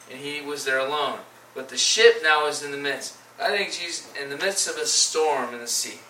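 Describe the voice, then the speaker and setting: A man giving an informal Bible teaching, reading scripture aloud and then retelling it in casual, animated paraphrase. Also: a little high, slight background noise. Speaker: preacher. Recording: echoey room, voice from a distance.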